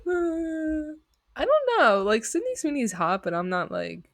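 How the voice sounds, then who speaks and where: A young woman co-hosting a podcast, telling stories in a dramatic, animated casual chat. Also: sits high, unhurried, dry recording, studio quality. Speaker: podcast co-host.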